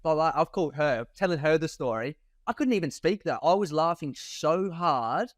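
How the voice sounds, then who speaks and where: A young man co-hosting a podcast, chatting in a teasing, casual way. His voice sits a touch higher than most men's, and the recording is dry and close. He swears offhandedly as he talks. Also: expressive, moderate pace, dry recording. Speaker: podcast co-host. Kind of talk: casual chat.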